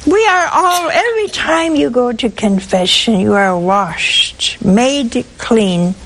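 A woman's voice: on the high side, expressive, slow pace, a bit bright, rough recording. A woman giving a sermon, telling stories with humor and asking her listeners rhetorical questions. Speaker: preacher.

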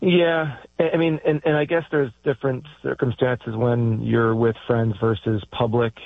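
A man's voice: medium pitch, flat delivery, normal speed, vocal fry, no room sound. A man calling into a show, speaking hesitantly with many fillers and restarts. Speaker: caller. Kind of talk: call-in conversation. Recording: tinny dry phone line.

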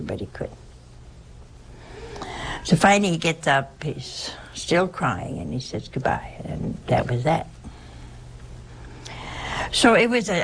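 A woman's voice: low-pitched, vocal fry, a little hiss or hum, rough recording. An older woman, a nun, telling a personal story in a rambling, repetitive way with chuckling asides.

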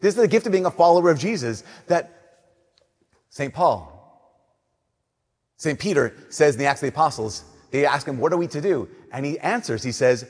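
Husky-voiced male preacher in echoing church. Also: a little high. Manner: conversational preaching, slowing and softening on key lines. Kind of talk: sermon.

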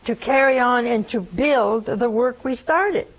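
Slow, high-voiced older woman preaching. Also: rough recording. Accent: American Southern. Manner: storytelling, rhetorical questions, pitch swings for emphasis. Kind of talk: sermon.

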